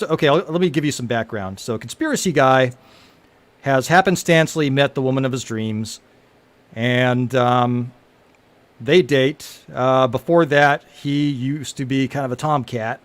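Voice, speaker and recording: Man haltingly reading his own script. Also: medium pitch, no room sound. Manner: halting, laughing, many fillers. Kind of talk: casual script reading to friends.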